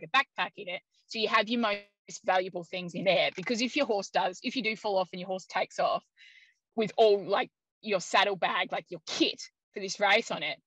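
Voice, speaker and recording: A woman guest telling a story in casual conversation, lively, laughing often and using many "like" fillers. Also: mid-range voice, dry recording, poor audio. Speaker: interview guest.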